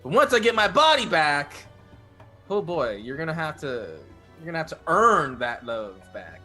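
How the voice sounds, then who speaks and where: A man's voice: on the high side, sing-song, moderate pace, bright, forceful tone, faint music behind. A man doing a scornful barbarian father figure. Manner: belittling, grudging. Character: gruff, scornful male mind flayer barbarian father figure. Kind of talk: tabletop role-play in character.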